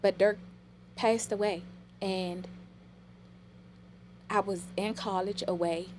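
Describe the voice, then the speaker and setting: A woman's voice: medium pitch, steady tone, slow, a little mellow, a little hiss or hum. Emotional storytelling woman. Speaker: podcast guest. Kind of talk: casual podcast conversation.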